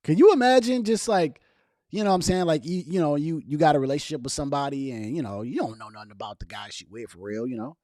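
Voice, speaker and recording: Man, vlog host, casual reaction, lively pitch, emphatic, dry close sound. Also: quick pace, dry recording. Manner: animated, emphatic, heavy on fillers.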